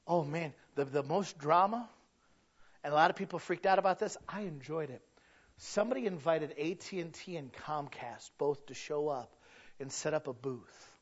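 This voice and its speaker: High-pitched pastor preaching, goes from chill stories to shouting, kinda muffled lo-fi recording. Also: male voice, normal speed, husky. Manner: preachy, rising to shouts, storytelling with humor. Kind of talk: sermon. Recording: dull lo-fi sound.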